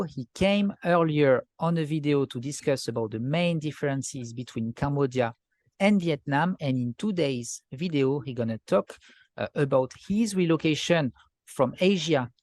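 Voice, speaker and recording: A man's voice: fairly high pitch, darkish tone, dry recording. Friendly male host, dry close sound. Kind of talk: interview host introduction and questions.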